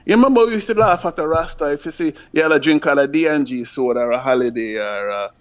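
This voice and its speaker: A Jamaican man chatting casually, telling animated stories with frequent laughter and bits of patois. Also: a little high, quick pace. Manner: animated storyteller, laughs often, slips into patois. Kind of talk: casual chat.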